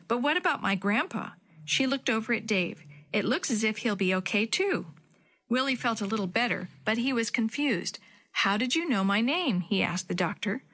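A woman narrating a children's chapter book, acting the children's lines in a higher voice. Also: fairly bright tone. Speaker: children's storyteller. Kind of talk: scripted story narration.

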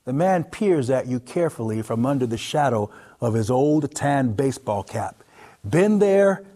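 A man narrating a story in the second person, in an expressive, intimate, vivid way. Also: mid-range voice, normal speed.

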